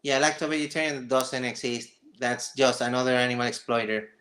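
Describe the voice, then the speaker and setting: A man hosting a livestream, reacting to a video with sarcastic, exasperated commentary and excited stammering. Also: mid-range voice, brisk. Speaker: livestream host.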